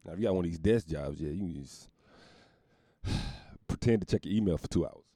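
A man's voice: low-pitched, brisk, warm tone, dry recording, studio quality. A young adult man hosting a podcast, riffing profanely and laughing often. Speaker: podcast host. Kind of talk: casual comedic monologue.

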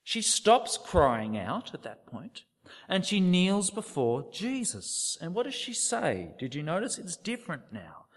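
Dramatic high-voiced male preacher, echoing hall. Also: wildly swooping pitch, a little slow, slightly rough. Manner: dramatic, rhetorical questions, drops to near-whispers. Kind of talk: sermon.

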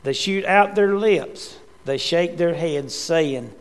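A man preaching a sermon in a church, rising to impassioned cries and then dropping quiet. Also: fairly high pitch, slow pace, few pauses. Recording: long reverb in a church hall.

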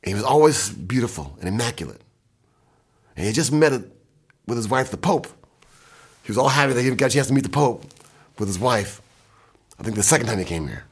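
An older man from Michigan, a music producer, telling animated stories in casual talk from his recording studio. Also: medium pitch, husky. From Michigan, USA. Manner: animated anecdotes, quick bursts, mimics and scats.

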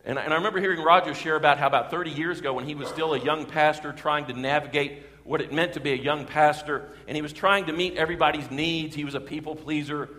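A male pastor preaching in a church sanctuary with a long, ringing reverb behind him. His voice sits a bit higher than most men's, and he swells into forceful emphasis on the lines he wants to land. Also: fairly even intonation, fast, few pauses. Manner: emphatic, swelling for key phrases. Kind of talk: sermon.

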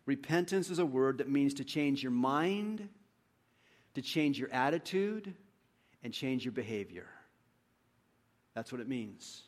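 A man preaching a sermon as a pastor, animated and dramatic, swinging between loud outbursts and quiet, low-key asides. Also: a little slow. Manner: animated, acts out quotes with big swings in loudness.

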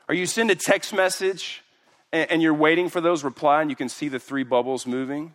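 A man preaching a sermon as pastor, acting out quoted voices with big jumps in pitch. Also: fast, fairly bright tone.

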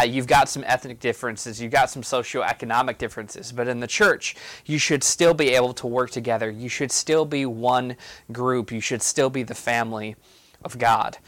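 A man's voice: medium pitch, normal speed, fairly bright tone, no room sound. A man giving a casual, explanatory Bible teaching on a podcast, with frequent fillers and restarts. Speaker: campus ministry podcast teacher.

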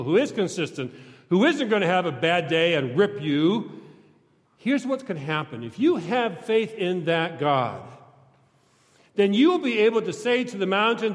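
A male pastor preaching a sermon in a large church, talking conversationally and joking with the congregation, sometimes breaking into shouts. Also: high-pitched, big pitch swings, normal speed. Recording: long church reverb.

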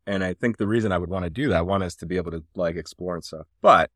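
A company founder, appearing as a guest on a casual podcast over a remote call, tells a rambling story at his own expense. His voice sits low but has a fairly bright tone, he speaks fast, and the sound is clean studio quality with no echo.

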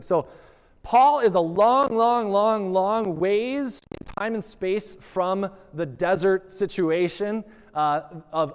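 Emphatic high-voiced male pastor. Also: smooth. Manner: emphatic, repeats key words. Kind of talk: sermon. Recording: long reverb of a large hall.

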